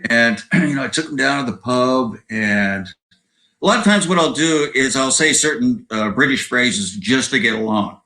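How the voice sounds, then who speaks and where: Animated and sharp, his medium-pitched voice moves at normal speed despite a low-quality recording. The speaker is a guest musician of about seventy from Southern California, American-accented, rambling through a casual video-call interview with frequent "you know" and "right?".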